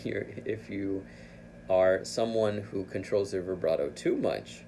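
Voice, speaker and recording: A man's voice: deep voice, creaky, darkish tone, a little hiss or hum. A man teaching flute, explaining an etude patiently and thinking aloud as he corrects himself. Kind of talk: instructional explanation.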